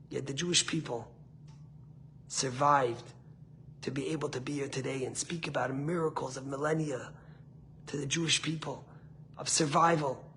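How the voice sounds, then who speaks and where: A man giving a short, earnest sermon as a rabbi, rising to passionate peaks and falling soft, with Hebrew words mixed in. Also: medium pitch, slight background noise.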